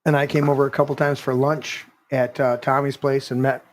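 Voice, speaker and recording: A man's voice: mid-range voice, little pitch movement, a little fast. A man hosting a podcast, telling a rambling casual story with many restarts. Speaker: podcast host. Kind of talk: casual chat.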